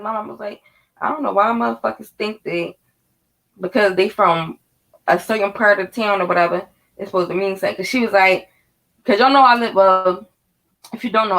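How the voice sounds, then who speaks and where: A woman in her thirties from North Philadelphia with a Philly accent, telling a story to her viewers in a casual, animated, profane way. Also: medium pitch, brisk, low-quality recording. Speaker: vlogger.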